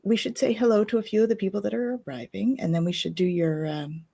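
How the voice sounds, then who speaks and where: A woman's voice: mid-range voice, fairly even intonation, quick pace, vocal fry, warm tone, slightly rough. A woman co-hosting a live spirituality stream, chatting casually and giggling easily as she rambles. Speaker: co-host of a spirituality live show.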